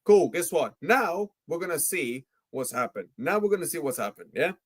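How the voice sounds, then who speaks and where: A young man with a slightly high, very animated voice and moderate pace hosts a football livestream. He rants heatedly, tacking "yeah?" and "mate" onto almost every phrase.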